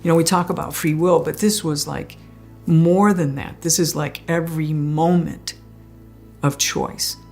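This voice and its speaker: Sharing a near-death experience as a guest, a woman speaks in a low, creaky, slightly mellow voice with a steady tone and an unhurried pace. Faint music plays behind her conversational story, and she laughs frequently.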